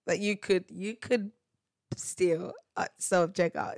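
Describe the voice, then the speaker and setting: A woman's voice: medium pitch, wildly swooping pitch, slow pace, pauses often, dry recording, studio quality. A woman hosting a casual solo podcast. She tells slangy stories animatedly, laughs often and acts out what people said. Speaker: podcast host.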